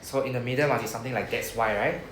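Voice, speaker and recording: A man with a Singaporean English accent teaches Japanese to a class in a medium-pitched, slightly bright voice, speaking rapid-fire. He explains patiently and keeps checking in with "right?". The classroom sounds echoey, with faint noise.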